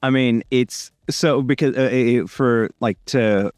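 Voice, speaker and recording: A man's voice: mid-range voice, slow pace, darkish tone, dry recording, clean studio sound. A young man from India with an American accent, a voice actor rambling casually with many fillers in an interview. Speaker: voice actor guest.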